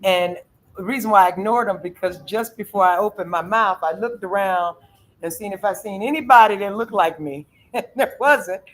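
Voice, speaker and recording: A woman's voice: medium pitch, moderate pace, low-quality recording. A middle-aged woman, telling a personal story as host of a casual chat, acting out the quoted voices with feeling. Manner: emotional, animated retelling with quoted voices.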